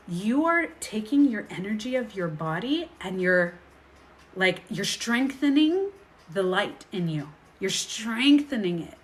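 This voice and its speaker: Speaking to viewers in a relaxed coaching session, a healing coach reads their questions and responds, lively and voicing out inner thoughts. Her voice sits mid-range.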